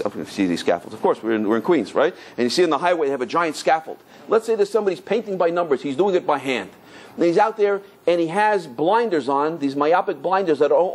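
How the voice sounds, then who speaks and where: Man, rabbi, storytelling lecture, slightly high voice, husky, lively, stumbles and restarts. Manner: animated storyteller, acting out voices, many restarts.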